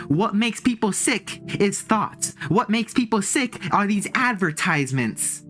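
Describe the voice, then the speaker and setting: Man, casual monologue, animated pitch, emphatic repeats, light chuckles. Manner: repetitive and emphatic, repeats key phrases; chuckles between points. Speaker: streamer and vlogger.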